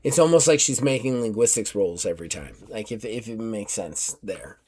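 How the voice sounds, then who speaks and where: A man's voice: on the low side, expressive, normal speed, darkish tone, husky. A man narrating as game master of a tabletop game, explaining in a loose, casual way. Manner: casual, explains with lots of likes.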